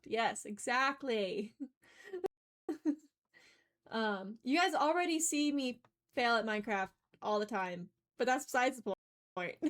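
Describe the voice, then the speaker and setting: Woman, young adult, live streamer, chatty, rambling, a bit high-pitched. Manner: chatty and rambling, laughs often. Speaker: game streamer. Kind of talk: casual live-stream chat.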